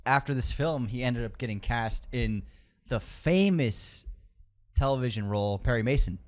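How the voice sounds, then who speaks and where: A man co-hosting a podcast in casual film talk, excitedly retelling scenes and breaking into loud outbursts. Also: medium pitch, normal speed. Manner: excitable, acts out scenes with sudden loud bursts. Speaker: podcast co-host.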